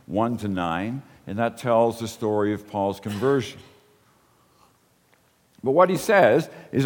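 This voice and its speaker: A man's voice: on the high side, big-room sound. A man preaching a sermon as a pastor, earnest and asking the congregation rhetorical questions.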